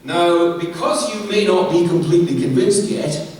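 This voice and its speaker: A man giving an academic lecture at a university, animated and asking himself questions before answering them. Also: sits high, moderate pace, a little hiss or hum. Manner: animated, asks and answers his own questions. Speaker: visiting professor lecturing on authorship. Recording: roomy hall, distant mic, faint ambience.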